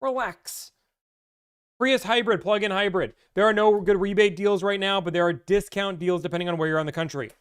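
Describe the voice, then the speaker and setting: A man giving car-buying advice on a live stream, chatty and animated, cracking jokes as he talks. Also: high-pitched, fast, few pauses, smooth. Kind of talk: casual live-stream talk.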